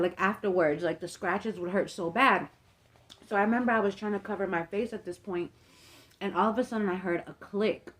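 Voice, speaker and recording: Young woman, casual storytime vlog, chatty, profane, lots of fillers. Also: medium pitch. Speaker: vlogger.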